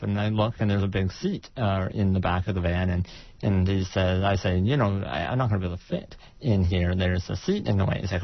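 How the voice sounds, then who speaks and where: A man's voice: fairly low pitch, brisk, creaky, husky, dry recording, highs cut off. A man talking as a radio guest, telling a story with many hesitant uhs. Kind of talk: casual radio interview.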